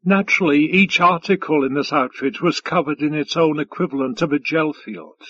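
Brief: male narrator, husky and slightly high, steady audiobook read. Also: dull audio. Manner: measured, even storytelling. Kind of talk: scripted narration.

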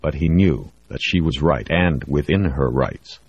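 Very deep, husky male narrator, measured, dry and slightly muffled. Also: dry recording. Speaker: audiobook narrator. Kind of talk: scripted narration.

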